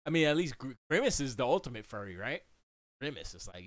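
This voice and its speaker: A man's voice: medium pitch, normal speed, dry recording. Guy streaming from his studio, riffing and joking around, voice bouncing way up and down, super dry close sound. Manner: animated and joking, jumps into silly quoted voices. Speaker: livestream host. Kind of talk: casual livestream commentary. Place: home studio.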